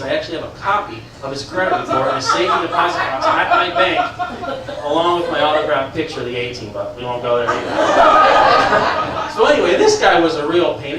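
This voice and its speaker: A man performing stand-up comedy, telling a story with animated delivery and excited high-voiced quotes. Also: heavy background noise. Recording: echoey club room from a distance. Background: audience laughter.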